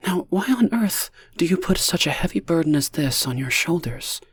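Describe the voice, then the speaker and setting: A man voicing a calm, gentle woman who speaks smoothly and softly. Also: a little high, normal speed, no echo, clean studio sound, pitched above the performer's own voice. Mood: soothing.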